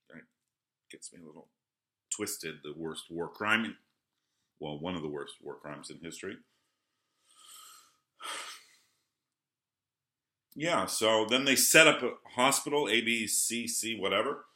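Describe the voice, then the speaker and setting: A man talks very slowly in a bright, edgy tone, caught in a roomy, echoing space. He rambles through an early-morning monologue, dropping to quiet mutters and then flaring into loud, angry bursts. He swears often and keeps apologizing for getting worked up. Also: medium pitch. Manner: swings from muttering to heated outbursts, apologizes, swears. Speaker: vlogger. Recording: roomy echo.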